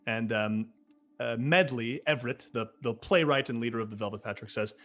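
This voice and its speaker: A man's voice: mid-range voice, a bit bright. Man narrating a tabletop game. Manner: casual, halting narration with fillers. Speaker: game master.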